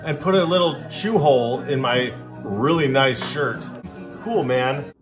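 A man's voice: mid-range voice, a little slow, over music. Chatty, joking male vlogger. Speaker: vlogger testing drinks on a breathalyzer. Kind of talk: casual on-camera vlog.

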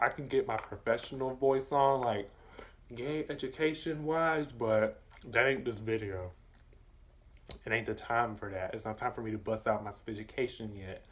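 A young man from the southern United States with a Southern accent, chatting casually to camera while eating, sassy and blunt, with his mouth full at times. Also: slight background noise. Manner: sassy, blunt and campy, with bursts of high exclamations. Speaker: vlogger.

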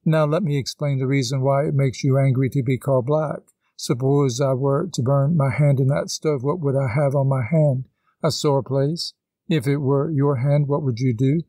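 Male reader doing a patient, moralizing woman mentor for an audiobook, mellow tone. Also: medium pitch, steady tone, normal speed, no echo, natural voice. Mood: earnest. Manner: patient, instructive. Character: kindly older woman teacher, gentle and moralizing. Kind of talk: audiobook dialogue reading.

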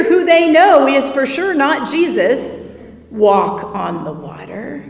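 Woman pastor, gentle conversational sermon, slightly high voice, long church reverb. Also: creaky. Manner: reflective, conversational preaching. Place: church sanctuary. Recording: echoey church hall, from far off.

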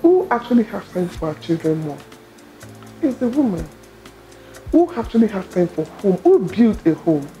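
A middle-aged Nigerian woman telling her story as an interview guest, expressive and quick to laugh. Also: medium pitch, soft background music. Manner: expressive, laughs often, acts out quoted dialogue. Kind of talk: animated personal storytelling.

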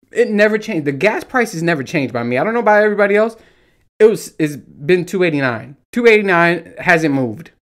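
A man in his thirties ranting casually as a solo podcast host, telling stories with lots of swearing and acting out what people said. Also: a little high. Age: 30s. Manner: animated, profane storytelling with mimicked dialogue.

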